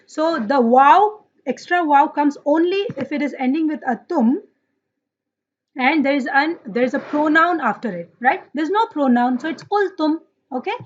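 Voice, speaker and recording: In dull lo-fi audio, a woman leads an online Arabic grammar lesson, putting questions to her students, commending their responses and reciting verses from the Quran. She speaks at a moderate pace in a high, animated voice, with slight background noise.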